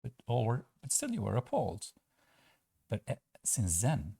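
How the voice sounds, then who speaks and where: A man giving sarcastic political commentary, asking rhetorical questions and pausing on fillers. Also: mid-range voice, huge pitch swings, vocal fry, warm tone, breathy edge, no echo, studio quality. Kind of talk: opinion commentary over clips.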